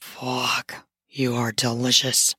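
A woman doing a raspy low-voiced male lover. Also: monotone, sharp tone, dry recording, studio quality, heavily acted. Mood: low coaxing. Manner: slow, low murmured lines. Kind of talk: audio story role-play.

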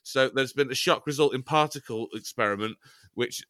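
A man from Chester co-hosts a podcast in loose, joking banter, wandering off on tangents and swearing now and then. His voice is bright and forward. The sound is dry and close, with no room in it. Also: medium pitch, moderate pace, no room sound. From Chester, England. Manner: rambling, jokey, swears casually. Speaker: podcast co-host. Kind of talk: casual banter.

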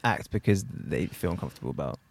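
A man's voice: deep voice, expressive, fast talker, vocal fry. A man who is an actor, chatting reflectively with a guest in a casual podcast.

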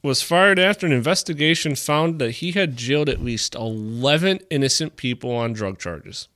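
Lively jokey man reading news stories. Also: mid-range voice, normal speed. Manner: crude, jokey, reads out news items. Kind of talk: casual comedy podcast chat.

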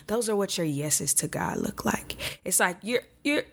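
A woman's voice: medium pitch, animated, moderate pace, gravelly. A woman hosts a faith podcast in a casual, heartfelt way. She speaks straight to her listeners as if they were friends, and her voice often gets emotional. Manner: emotional, often near tears. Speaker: podcast host. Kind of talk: faith encouragement podcast talk.

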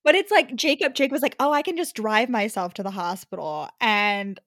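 Woman co-host, casual book chat, bright voice, dry close sound, animated. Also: fairly quick, no room sound. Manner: animated, quotes characters in lowered voice. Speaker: podcast co-host.

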